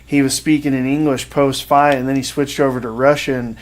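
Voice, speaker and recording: A man's voice: medium pitch, little pitch movement, brisk. A man co-hosting a podcast, telling a sports story in casual, rambling chat with lots of "uh" and "you know.". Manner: rambling storytelling with many fillers. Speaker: podcast co-host.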